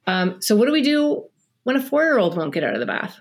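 A middle-aged woman, a parenting expert guest on a podcast interview, explaining in an energetic, animated way and acting out little scenes between parents and children. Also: on the high side, fast.

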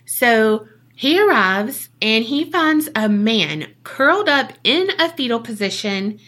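Woman, podcast co-host, bright and slightly high, casual profane storyteller who acts out her quotes. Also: expressive, slow pace. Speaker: podcast co-host telling a case. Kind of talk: casual true-crime storytelling.

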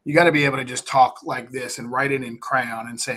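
A man's voice: mid-range voice, brisk, hardly any pauses, bright, forceful tone. A man speaking as a podcast guest, talking casually and animatedly, often repeating words and acting out conversations with sellers. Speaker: podcast guest, real estate investor. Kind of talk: casual interview talk.

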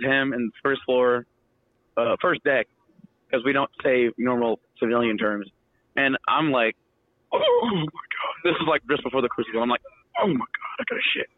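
A young man telling rowdy stories in a casual, animated way, swearing and loudly acting out the voices of others. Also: medium pitch, no room sound. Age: young adult. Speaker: guest storyteller. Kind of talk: casual storytelling. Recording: tinny phone-line audio.

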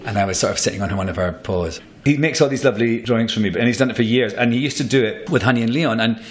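A man's voice: medium pitch, rapid-fire. A man who is an actor, telling stories in a casual interview and rambling through restarts. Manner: animated storyteller, rambling with restarts.

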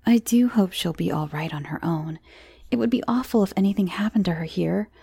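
A woman's voice: fairly low pitch, brisk, gravelly, mellow, breathy edge, no room sound, heavily acted. A woman voicing a fussy, cross young mother with a prim, scolding manner. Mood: anxious.

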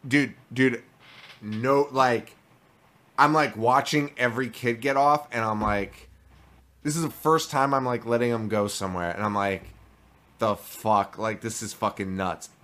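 A young man hosting a podcast, telling a story in an animated, profane way during casual chat. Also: medium pitch, a little slow. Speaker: podcast host.

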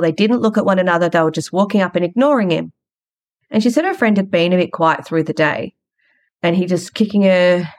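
A woman hosting a podcast, telling a story in a frank, chatty way. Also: fairly low pitch. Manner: frank, chatty, retells conversations. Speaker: podcast host. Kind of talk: casual storytelling monologue.

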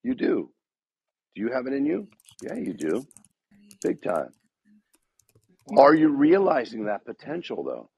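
A man's voice: medium pitch, wildly swooping pitch, measured pace, vocal fry, pauses often, darkish tone. A man giving a motivational talk to a sales team, rousing the room with repeated rhetorical questions. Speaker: speaker addressing a dealership sales team.

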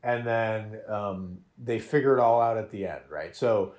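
A man's voice: on the low side, measured pace, a little mellow. A man hosting a podcast, chatting animatedly about a show with frequent laughs and restarts. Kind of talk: casual chat reviewing a show.

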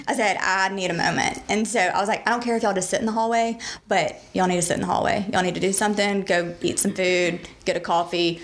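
A woman's voice: medium pitch, slight background noise. Woman telling a personal story. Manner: animated, laughs while telling.

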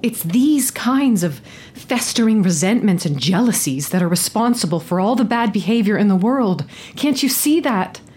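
An actress playing a weary, exasperated young wife who lectures and scolds in a stage drama. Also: female voice, medium pitch, animated, normal speed, darkish tone, natural voice. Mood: reproachful. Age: young adult.

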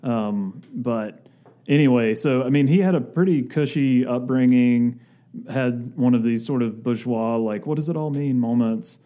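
A man's voice: medium pitch, fairly even intonation, unhurried, dark tone, muffled recording. A man co-hosting a podcast, talking casually and thinking aloud in loose, winding sentences. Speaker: podcast co-host.

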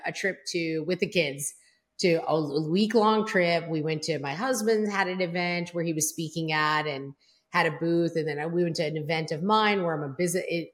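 A woman hosting a business podcast, chatting casually and affirming her guest readily before sharing her own family story. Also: lowish voice. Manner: warmly affirming, quick to agree. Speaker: podcast host. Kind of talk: casual interview chat.

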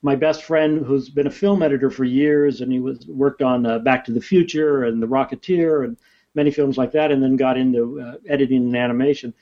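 A man, an author, telling stories in a lively, chatty way during a podcast interview. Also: medium pitch, brisk, lo-fi sound.

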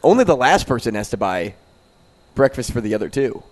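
A man co-hosting a sports radio show, running briskly through a list of bowl games in casual chat. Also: mid-range voice, very animated.

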